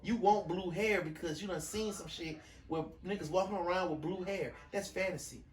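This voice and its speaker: A man's voice: high-pitched, normal speed. Rambling podcast man in an echoey room. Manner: rambling, restarts often, loose slang. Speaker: podcast co-host. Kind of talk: casual chat. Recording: echoey room, mic at a distance, faint room noise.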